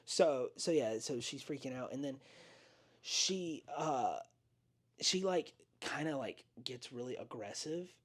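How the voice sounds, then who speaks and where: Man, podcast host, chatty movie recap, lively retelling. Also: medium pitch, slow. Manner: animated retelling, acts out lines in raised voices. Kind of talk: casual movie discussion.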